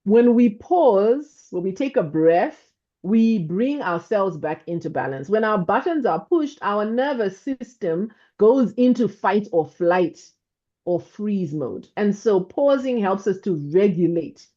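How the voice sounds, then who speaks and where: A woman guest speaker giving a calm, measured online talk, often checking in with "right?". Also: medium pitch, dull audio.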